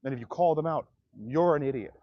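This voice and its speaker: Man ranting, slightly high, lo-fi. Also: fast talker, no room sound. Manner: profane, ranting, talks to viewers directly. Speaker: comedian livestreamer. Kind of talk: livestream rant to chat. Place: outdoors.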